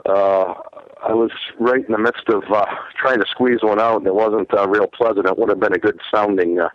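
A man's voice: on the low side, steady tone, normal speed. A man around forty, calling in to a talk show, rambling and cynical, a little winded. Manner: rambling, self-deprecating, cynical. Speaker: phone-in guest. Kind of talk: casual crude chat. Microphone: phone. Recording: muffled phone line.

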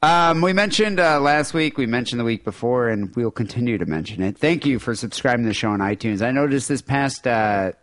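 A man's voice: medium pitch, lively intonation, brisk, hardly any pauses, fairly bright tone, no room sound. A man with a nasal voice hosting a casual podcast, chatting and reading listener emails aloud. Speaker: podcast host.

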